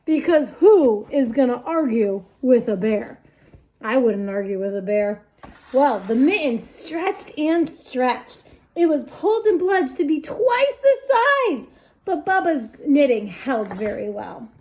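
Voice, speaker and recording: A woman reading a children's picture book aloud, with a high voice that leaps up and down in pitch. She plays up the story with sound effects and an animated delivery. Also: slow pace. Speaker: storytime reader.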